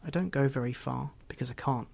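A man's voice: mid-range voice, a little fast, gravelly, darkish tone. A man reading as a wistful woman's ghost. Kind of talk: audiobook reading.

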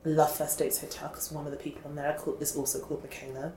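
A woman in relaxed chat, gushing and talkative and heavy on filler words. Her voice sits fairly low. The recording has a roomy echo and a faint hiss behind it. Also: very fast. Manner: gushing, chatty, fillers like "like" and "oh my God". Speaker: podcast co-host. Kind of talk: casual chat.

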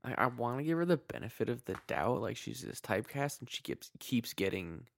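A man's voice: mid-range voice, expressive, brisk, creaky, no room sound. A man co-hosting a casual film podcast, blunt and swearing as he picks a movie apart. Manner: blunt, swears, mock-quotes characters. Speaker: podcast co-host. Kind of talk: casual film review chat.

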